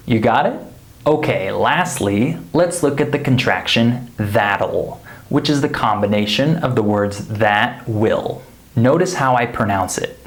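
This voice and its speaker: Male teacher, unhurried, clear modeling of phrases for learners. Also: medium pitch, lively intonation. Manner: slow, deliberate, models example sentences clearly. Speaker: English pronunciation teacher. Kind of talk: scripted pronunciation lesson.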